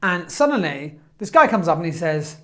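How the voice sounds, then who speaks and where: Male motivational speaker, lively storyteller, quick delivery, acts out quotes. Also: fairly high pitch.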